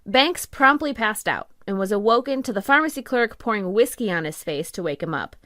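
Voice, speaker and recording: A woman narrates history from a script at a steady, even clip. Her voice sits in a middle register. The recording is close and dry, with no room sound. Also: medium pitch, a little fast, dry recording. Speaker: podcast co-host.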